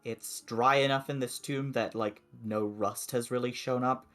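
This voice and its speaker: A man narrating as game master of a tabletop game, describing the scene slowly with many pauses and fillers. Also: mid-range voice, steady tone, fairly bright tone, faint music behind.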